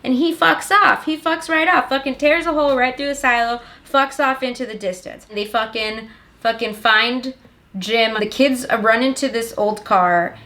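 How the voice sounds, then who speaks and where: A woman's voice: a little high, moderate pace, pushed and bright. A young woman giving a rambling, sarcastic and profane comedic plot summary of a film. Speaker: comedic movie recapper.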